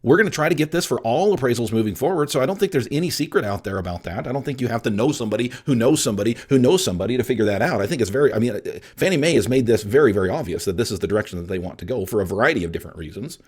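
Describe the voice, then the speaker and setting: A man's voice: mid-range voice, lively intonation, very fast, hardly any pauses, a little mellow, slightly rough. A middle-aged man hosting a solo podcast, emphatic and blunt, speaking straight to his listeners. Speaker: podcast host and appraisal coach.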